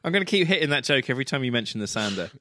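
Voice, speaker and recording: A man's voice: mid-range voice, very animated, very fast, bright, forceful tone, dry recording. A man in the middle of his range, co-hosting a casual film podcast. He rambles through his thoughts with lots of restarts and fillers, swears freely and teases his co-host. The sound is close and dry, with no room around it.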